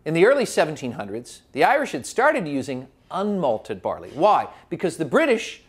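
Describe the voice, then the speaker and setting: A man giving a lively classroom lecture as a spirits educator, telling history like a story with small restarts. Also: on the high side, moderate pace, husky.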